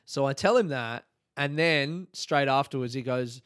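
A man's voice: mid-range voice, measured pace, a bit bright, clean tone, no room sound, clean studio sound. A man hosting a podcast, telling a rambling, sweary, self-mocking story in a casual comic monologue. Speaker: podcast host.

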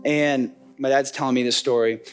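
A man's voice: mid-range voice, fairly even intonation, normal speed. A young man giving a sermon in an earnest, conversational way, telling a story and acting out the voices of its people. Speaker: preacher. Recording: soft guitar music behind.

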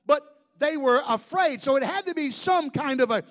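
A man in his fifties, a pastor preaching an animated sermon full of rhetorical questions. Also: very high-pitched, moderate pace.

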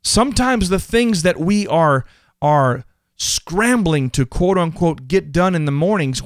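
Brief: male podcast host, earnest, emphatic delivery, slightly higher voice, dry close sound. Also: no echo. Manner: earnest and emphatic, often repeats words. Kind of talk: motivational faith podcast talk.

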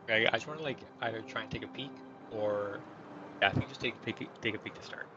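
A man's voice: fairly low pitch, quick pace, dull audio, noisy background. A man playing a tabletop game who asks tentative questions, filled with "like". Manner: tentative, lots of "like". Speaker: player. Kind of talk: casual tabletop play.

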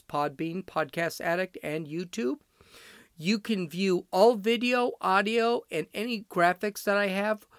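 A man's voice: sits high, fairly bright tone, clean tone, dry recording, clean studio sound. A man from Chicago hosting his podcast, talking in a blunt, rambling, off-the-cuff monologue. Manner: blunt, ranting and digressive. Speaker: podcast host.

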